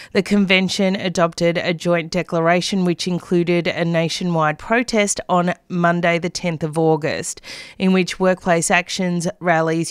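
An Australian woman hosting a community radio news show, friendly and measured, reading regional labour news. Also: on the low side, smooth, no room sound, clean studio sound. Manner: friendly, measured, slight restarts. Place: radio studio.

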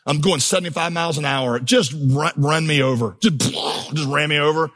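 With a fairly bright voice on the high side and a moderate pace, this man delivers a sermon as pastor. Humor runs through his storytelling, which climbs toward passionate, forceful peaks.

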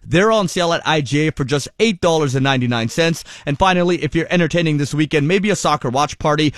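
A man presents a radio segment on grocery deals, informative and upbeat. His voice is slightly high. The mic sound is dry. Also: fast talker, a bit bright, dry recording. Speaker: radio shopping and events contributor.

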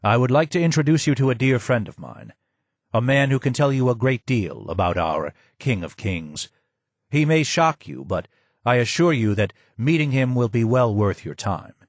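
Brief: courteous male guide, read by the narrator; earnest, formal, even-toned. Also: mid-range voice, moderate pace, no room sound. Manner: polite, earnest, gracious.

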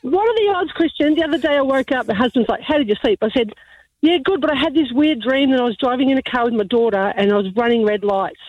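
An excited woman calls in to a radio show and tells her story with exclamations. Her high voice is dry and muffled, as though over a phone line. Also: fast, dry recording. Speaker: caller. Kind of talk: telling a story on a phone call.

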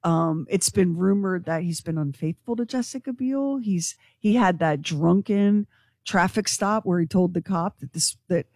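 Lively woman radio host, dry studio sound. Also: on the low side, unhurried, dry recording. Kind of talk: morning radio talk.

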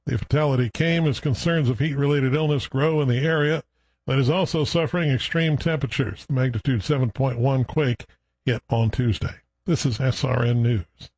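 A man reading radio news headlines in a measured, even way. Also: medium pitch, husky, no room sound, poor audio. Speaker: news anchor. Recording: dry studio sound.

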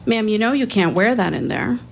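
A woman voicing a kindly older woman visitor who speaks in a gentle, reassuring way. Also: medium pitch, sing-song, fairly quick, creaky, slight background noise.

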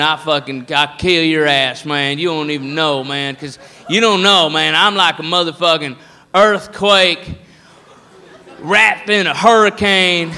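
Comedian doing a drunk, boasting redneck brawler. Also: male voice, sits high, sharp tone, in a large hall, exaggerated voice. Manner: swaggering, threatening, repeats "man".

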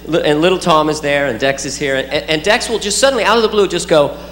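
A man's voice: fairly high pitch, quick pace. A man doing stand-up comedy for a live audience, playful and full of silly sound effects. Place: large venue with live audience. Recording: roomy hall, loud crowd and noise.

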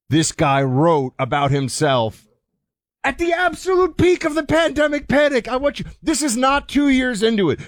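A man co-hosting a political talk show, indignant, his voice swinging high when he gets heated. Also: no room sound, clean studio sound. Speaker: radio co-host.

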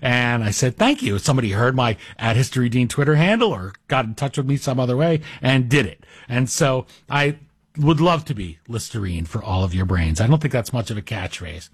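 A man's voice: medium pitch, fairly quick, slightly rough, no echo, studio quality. A man guest hosting a talk radio show, chatting in a digressive, self-deprecating monologue. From Greek heritage.

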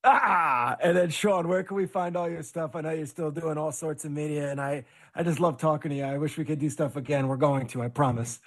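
A man hosting a sports talk show, upbeat and quick to laugh. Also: on the high side, steady tone, a bit bright. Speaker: host.

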